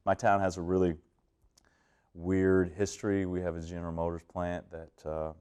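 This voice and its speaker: A young man from southern Indiana with a twangy drawl, answering interview questions in a slow, laid-back way. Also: low-pitched, little pitch movement, dark tone, clear, resonant tone. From Indiana, USA. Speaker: country singer interviewee.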